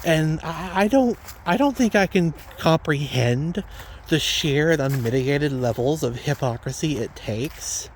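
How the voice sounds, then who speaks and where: A man's voice: on the high side, expressive, a little slow, slight background noise. A man delivering a ranting monologue to his followers, blunt and indignant, repeating himself for emphasis. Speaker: vlogger.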